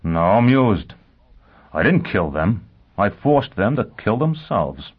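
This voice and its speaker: A man voicing a vengeful, driven man who questions with calm ferocity. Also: fairly low pitch, takes it slowly, husky, highs cut off, heavily acted. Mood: grim. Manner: cold, intense interrogation.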